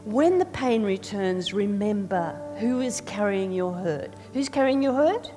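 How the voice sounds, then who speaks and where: A woman's voice: medium pitch, expressive, measured pace, few pauses, over music. A woman preacher giving a sermon, earnest and repetitive, leading the congregation in call and response. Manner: earnest, repeats phrases, leads the congregation in responses. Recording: reverberant hall with faint hum.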